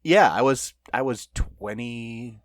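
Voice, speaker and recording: A man's voice: medium pitch, takes it slowly, dry recording, clean studio sound. A middle-aged man co-hosting a podcast, telling stories in a loose, rambling way with lots of fillers and laughs. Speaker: podcast co-host. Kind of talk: casual podcast chat.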